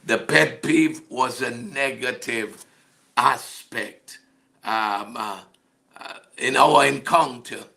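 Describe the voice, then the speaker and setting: A man's voice: mid-range voice, slow pace, creaky, sharp tone. A man hosting a casual devotional program from a home studio, hesitant and full of fillers, greeting listeners by name and laughing heartily. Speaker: ministry program host. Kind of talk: casual devotional broadcast chat.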